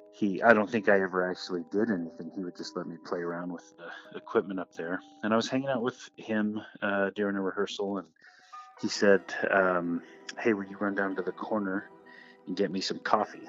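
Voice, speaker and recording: A man's voice: low-pitched, a bit bright, dull audio. A man telling a ghost story about an old theater in a casual, rambling way, with many fillers and restarts.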